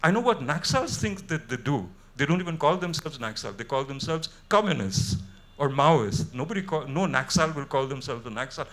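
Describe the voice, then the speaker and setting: Middle-aged indian english guy on a festival stage, worked up, fiery rhetorical talk, pitch a bit high. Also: expressive, normal speed, a bit bright. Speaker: panelist. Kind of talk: impassioned panel talk. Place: festival stage before an audience. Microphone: handheld microphone.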